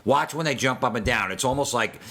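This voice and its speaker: A man's voice: mid-range voice, expressive, brisk, vocal fry, fairly bright tone. A man ranting crudely in a casual podcast chat, swearing freely. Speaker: podcast host.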